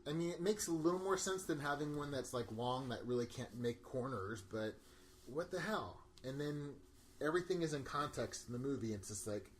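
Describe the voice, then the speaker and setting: A man in casual conversation, talking at an ordinary pitch with a rambling, excitable flow and frequent laughter. He acts out quotes as he goes. A faint hiss sits under the voice. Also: fairly quick. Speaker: podcast co-host. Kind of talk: casual movie discussion.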